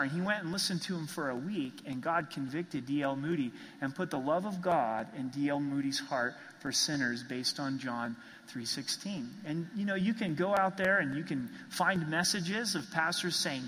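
A man preaching with a bright, fairly high voice, earnest and emphatic as he repeats his key phrases. His words ring out with a long reverb, like a church hall. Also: normal speed. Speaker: pastor. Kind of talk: sermon.

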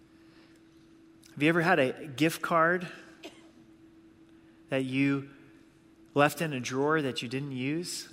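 A man delivering a sermon in an earnest, conversational way, pressing his points with repetition. His voice sits a little high for a man. A long reverb trails off the church hall around him. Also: steady tone, slow pace, long pauses, fairly bright tone. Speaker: pastor.

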